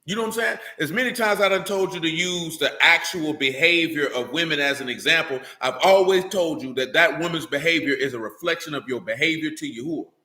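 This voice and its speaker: A man's voice: fairly high pitch, a little fast, few pauses, pushed and bright, roomy sound. A man giving an informal, streetwise sermon as a religious teacher, blunt and emphatic, full of slang.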